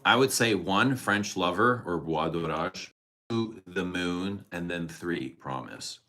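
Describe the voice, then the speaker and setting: This man speaks slowly in a low, pushed, bright voice with lively intonation while hosting a relaxed livestream. He goes on about his day and responds to viewer comments, chuckling frequently and swearing freely.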